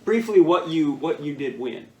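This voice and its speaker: A man's voice: fairly high pitch, animated, normal speed. A man hosting a casual chat, giving his father short prompts. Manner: brief prompting interjections. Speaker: host interviewing his father. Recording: echoey room.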